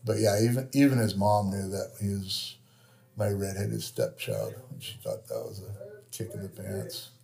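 A tattoo shop owner with a Californian accent, telling stories in casual chat, swearing freely and acting out other people's lines. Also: male voice, lowish voice, sing-song, normal speed, creaky, dark tone. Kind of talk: casual storytelling.

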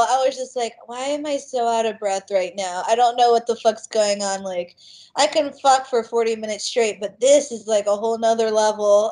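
A young woman speaks with a high, bright voice as an interview guest. She tells her story in a giggly, animated way, full of laughter. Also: moderate pace. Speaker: guest fighter. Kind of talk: casual interview chat.

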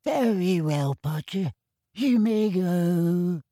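A man voicing a frail, enthusiastic elderly male wizard examiner in an audiobook, with slow, quavering, fussy praise. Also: sits high, lively intonation, mellow, dry recording, studio quality, pitched above the performer's own voice, full character voice. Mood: pleased. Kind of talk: audiobook character voice.

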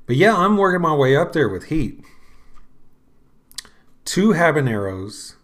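A man, middle-aged, hosting a podcast and talking casually in a rambling, unhurried way with lots of fillers. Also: mid-range voice, big pitch swings. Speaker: podcast host. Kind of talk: casual solo talk.

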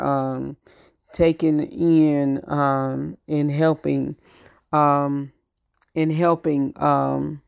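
Slow, halting man hosting a show. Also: a little high, vocal fry, smooth, dry recording, clean studio sound. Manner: halting, many ums, slow and careful. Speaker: show host. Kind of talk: casual celebrity news chat.

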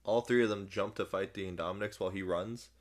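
Low-voiced, matter-of-fact man. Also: fairly even intonation, fast. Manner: plain, matter-of-fact corrections. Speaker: friend in conversation. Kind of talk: casual chat.

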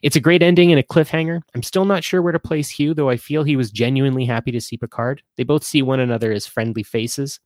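A man's voice: medium pitch, steady tone, fast talker, few pauses, darkish tone, no room sound, clean studio sound. A man hosting a casual live-stream chat show, rambling with lots of fillers and restarts.

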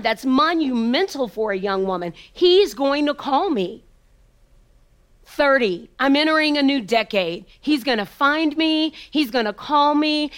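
A woman speaker telling a personal story with an emphatic, repetitive rhythm and dramatic pauses, sometimes sinking to a hushed near-whisper. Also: sits high. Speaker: motivational speaker.

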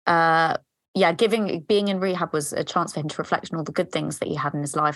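A woman's voice: deep voice, steady tone, fairly quick, a bit bright, no room sound. An English woman in her thirties hosting a podcast, talking frankly and confessionally with casual swearing and plenty of fillers. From England. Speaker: podcast host. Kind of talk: candid personal podcast monologue.

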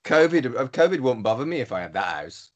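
A man's voice: medium pitch, sing-song, quick pace. A man on a casual podcast, making dry, teasing remarks. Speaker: podcast co-host. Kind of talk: casual banter.

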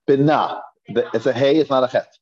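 A man's voice: medium pitch, steady tone, fast, a little mellow. A man teaching a Hebrew reading class, patiently sounding out syllables for students to repeat and often restarting his phrases. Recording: dull lo-fi class recording.

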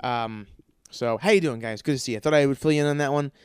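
A man's voice: mid-range voice, quick pace, smooth, dry recording, studio quality. Foul-mouthed grumbling male podcast host. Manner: profane, grumbling, rambling with restarts. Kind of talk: casual comedic rant.

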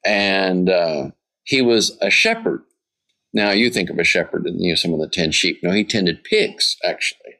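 Low-voiced man giving an informal sermon. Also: sing-song, normal speed, sharp tone. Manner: informal, checks in with "right?" and "okay?"; reads passages aloud, then comments. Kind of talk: conversational Bible teaching.

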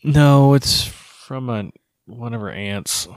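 A man's voice: mid-range voice, slow, dry recording, studio quality. A man in his thirties chatting casually as a co-host, telling stories with laughter and casual swearing. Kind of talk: casual chat.

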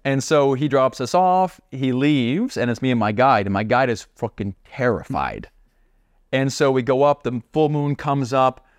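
A man tells a story as a podcast guest in a loose, animated way, stacking up asides as he goes. His voice sits at a middle pitch. It is recorded dry and close, with no room around it. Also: no echo. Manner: animated, chatty, lots of fillers and asides. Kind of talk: casual storytelling.

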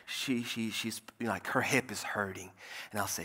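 A man preaching a lively, jokey sermon from a church pulpit, his bright voice carrying a long hall echo. He swings between loud, emphatic points and soft, quiet asides. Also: mid-range voice, a little fast. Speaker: pastor.

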